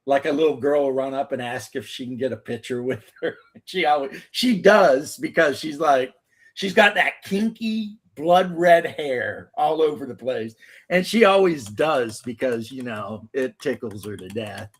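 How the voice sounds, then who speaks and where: Male co-host, easygoing rambling joker, average pitch, casual banter. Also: measured pace. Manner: rambling, joking, says frickin' a lot. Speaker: podcast co-host. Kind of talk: casual chat.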